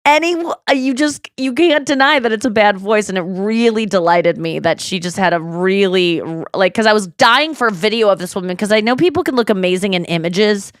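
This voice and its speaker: A woman hosting a casual podcast chat, rambling and candid with lots of fillers. Her pitch sits in the middle range. The sound is dry and close, with no room echo. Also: a little fast, hardly any pauses. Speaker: podcast host.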